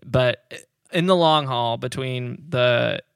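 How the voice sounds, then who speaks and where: Casual podcast co-host, man, gravelly and bright, dry close sound. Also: medium pitch, slow, dry recording. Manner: rambling, laughs often, hedges on numbers. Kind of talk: casual history chat.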